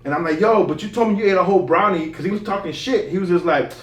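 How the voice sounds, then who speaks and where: A young man telling a story in casual chat with friends. He is animated and slangy, swears a lot and laughs as he talks. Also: high-pitched, fast talker, hardly any pauses, highs cut off. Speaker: podcast co-host. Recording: echoey room, mic at a distance.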